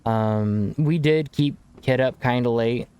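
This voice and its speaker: A man's voice: mid-range voice, takes it slowly, darkish tone, clean tone. A young man chatting casually to viewers on a game stream, laid-back and rambling, calling people bro. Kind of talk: casual live-stream chat while gaming.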